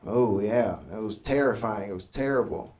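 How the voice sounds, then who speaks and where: A man's voice: fairly low pitch, normal speed, darkish tone, recorded from a distance, rough recording. A man doing a stand-up comedy set, telling loose stories full of swearing and offhand asides. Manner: loose storytelling, profane, laid-back asides.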